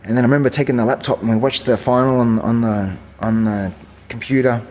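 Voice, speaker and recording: A man in his forties tells long stories in a relaxed interview. He rambles through fillers and restarts and acts out what others said. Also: medium pitch, quick pace, big-room sound. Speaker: guest, champion kickboxer. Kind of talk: casual storytelling interview.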